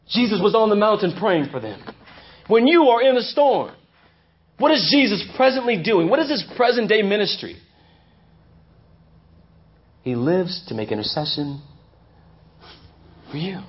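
A male pastor preaching a sermon, swinging between loud emphasis and hushed intensity. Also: a little high, lo-fi sound. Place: church.

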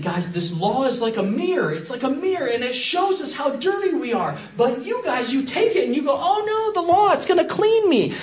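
A man preaches a story in a sermon and acts out the quotes he tells. His voice sits high and swings widely in pitch. He repeats phrases for emphasis, and the recording sounds dull and lo-fi. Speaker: missionary speaker.

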